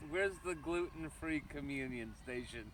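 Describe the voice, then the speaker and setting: A man's voice: on the high side, moderate pace, crowd noise. A man chatting with a guest, joking along and laughing at the stories. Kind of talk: casual chat.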